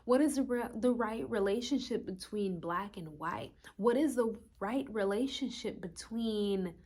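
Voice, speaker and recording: A woman's voice: medium pitch, a little slow, a little mellow, husky. A woman voicing an earnest embodiment of balance, anxiously asking how opposites can find harmony. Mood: searching. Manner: searching, anxious questioning. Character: earnest peace-seeking balance energy, female.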